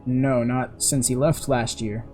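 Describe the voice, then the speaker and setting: Brief: a man doing a terse, guarded young soldier, mellow and low-key. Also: little pitch movement, unhurried, faint music behind, natural voice. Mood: flat.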